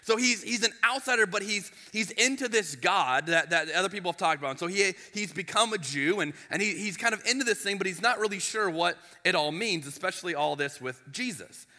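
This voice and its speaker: Male pastor, conversational sermon delivery, very bright tone, big reverberant church hall. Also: sits high, a little fast, hardly any pauses. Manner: animated, chatty, with frequent restarts and asides. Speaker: lead pastor. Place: church sanctuary. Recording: long reverb of a large hall.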